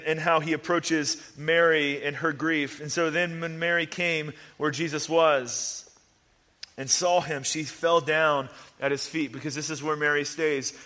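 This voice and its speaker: Male pastor, fairly high and forceful, earnest sermon delivery in a reverberant hall. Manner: earnest, repetitive emphasis, casual fillers.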